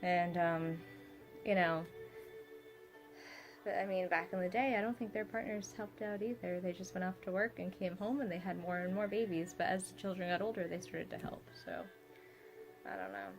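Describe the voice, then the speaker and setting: A woman's voice: fairly low pitch, lively intonation, moderate pace, faint music behind. A young woman, a mother, talking reflectively at home in a vlog, rambling with many fillers and asides. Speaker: vlogger, mother.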